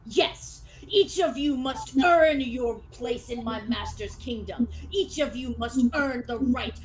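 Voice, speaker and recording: A woman voicing a boastful skeleton knight who demands honorable combat, speaking in booming archaic challenges. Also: slow, low-quality recording. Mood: commanding.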